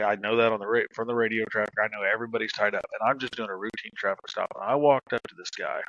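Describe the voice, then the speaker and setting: Man, middle-aged, ex-cop storyteller, low voice, forceful tone, dry close mic. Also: no room sound, highs cut off. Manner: laid-back, laughs while telling war stories, swears casually. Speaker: retired police officer, podcast co-host. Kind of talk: casual storytelling.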